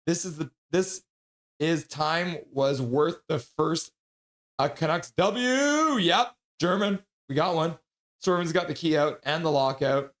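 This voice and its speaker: A young man hosting a live stream, casually chatting and reading viewer comments aloud with quick asides. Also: on the high side, lively intonation, a bit bright. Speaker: livestream host reading chat. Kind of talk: casual live reaction chat.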